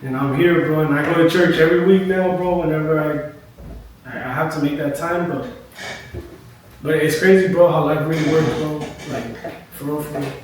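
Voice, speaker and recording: A man's voice: on the high side, normal speed. A young man, a barber, telling a personal story in loose, casual talk with heavy swearing and "bro" after almost every phrase. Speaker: barber and podcast co-host. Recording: echoey room, mic at a distance, light noise.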